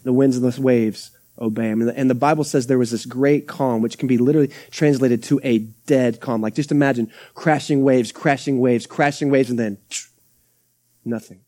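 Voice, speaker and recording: A man's voice: medium pitch, steady tone, normal speed, dark tone. A young adult man, a pastor preaching a conversational sermon with acted-out quotes and asides. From Texas. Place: church sanctuary.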